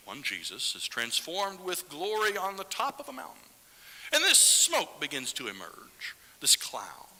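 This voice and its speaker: Animated preacher man, bright sermon voice. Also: fairly high pitch, big-room sound, rough recording. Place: church sanctuary.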